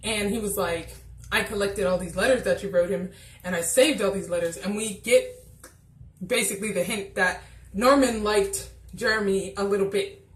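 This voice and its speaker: A woman's voice: medium pitch, moderate pace, reverberant, poor audio. A woman chattily reviewing a TV episode, exasperated, acting out lines from scenes. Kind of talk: casual TV episode review vlog.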